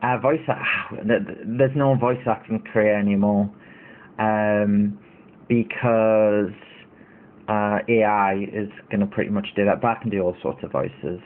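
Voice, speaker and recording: A man's voice: lowish voice, fairly even intonation, measured pace. A man in his thirties hosting a casual livestream, rambling and indignant, with lots of fillers. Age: 30s. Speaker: livestream host. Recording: tinny phone-like audio.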